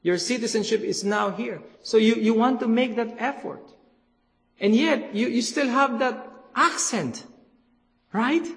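A man preaching a sermon in an earnest, halting way, often repeating words for emphasis, in a church hall. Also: extremely high pitch, fairly bright tone. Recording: long hall reverb.

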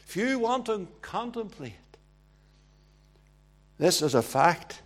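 High-voiced preacher. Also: male voice, very animated, slow. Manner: emphatic, repetitive, swings from hushed to loud. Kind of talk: sermon.

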